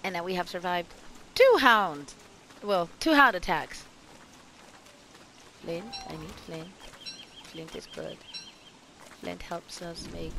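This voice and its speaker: A woman's voice: fairly low pitch, a bit bright. A woman hosting a solo let's play, chatting to the game's characters and gasping and laughing when things go wrong. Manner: chatty, talks to game characters, gasps and laughs at mishaps. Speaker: gameplay channel host. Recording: clear game noise underneath. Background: game ambience and sound effects.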